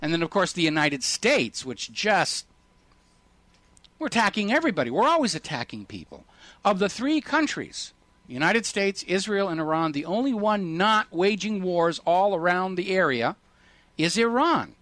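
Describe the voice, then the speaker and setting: Male talk radio host, fairly high voice, dry close sound, sarcastic and indignant. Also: very animated, normal speed, a bit bright, no room sound. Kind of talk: political talk radio commentary.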